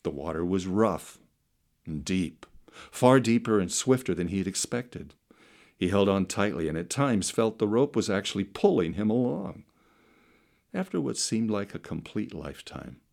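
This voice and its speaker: A middle-aged man preaching a sermon through slow, dramatic storytelling that swings between loud and soft. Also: sits low, animated, gravelly. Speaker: pastor.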